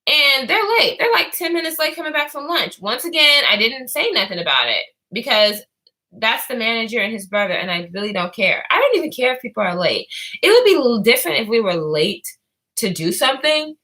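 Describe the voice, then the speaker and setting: Lively bright-voiced woman telling a story. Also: a little high, fairly quick, low-quality recording. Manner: rambling, lots of fillers, swears freely. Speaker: vlogger. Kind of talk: casual storytime vlog.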